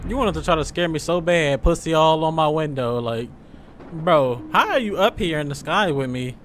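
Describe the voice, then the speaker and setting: A young man giving joking, loud let's-play commentary, full of slang as he reacts to the game. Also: a little high, normal speed, a little hiss or hum. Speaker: gaming streamer.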